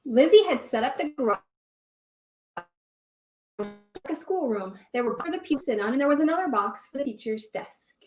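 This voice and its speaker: Lady teaching kids yoga and reading a story, encouraging, high voice, echoey room. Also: expressive, normal speed, pauses often, recorded from a distance. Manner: encouraging, coaching children through poses. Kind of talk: children's yoga story time.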